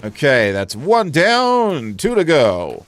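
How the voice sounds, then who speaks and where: A man's voice: on the high side, wildly swooping pitch, slow. Wry man commenting on his gameplay. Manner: wry, joking asides. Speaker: gaming channel host. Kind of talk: casual let's play commentary.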